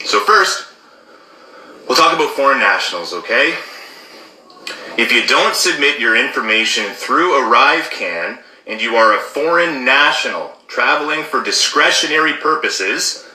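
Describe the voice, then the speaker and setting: A man's voice: mid-range voice, lively intonation, normal speed, pushed and bright, echoey room, low-quality recording. A man explaining rules in an emphatic commentary, stressing key words and checking in with "okay?". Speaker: former border officer commentator.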